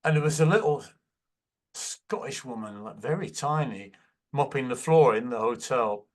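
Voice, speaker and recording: A man's voice: medium pitch, expressive, moderate pace. Older English male guest, Manchester accent, casual anecdotal storyteller. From England. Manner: anecdotal, acts out quotes. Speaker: guest musician. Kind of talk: casual interview chat.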